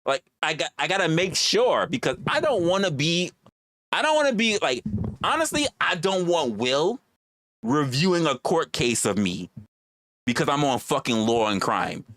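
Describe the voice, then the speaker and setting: A man's voice: fairly high pitch, sing-song, normal speed, a bit bright, no room sound. A man hosting a livestream, talking casually in a rambling, profane way and repeating his phrases. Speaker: livestream host.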